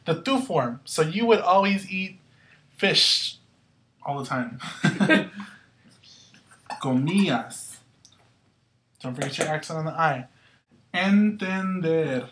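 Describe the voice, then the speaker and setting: A woman's voice: low-pitched, measured pace, a bit bright, a little hiss or hum. A woman teaching a Spanish grammar lesson, upbeat and going through the verb endings step by step. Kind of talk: classroom-style grammar lesson.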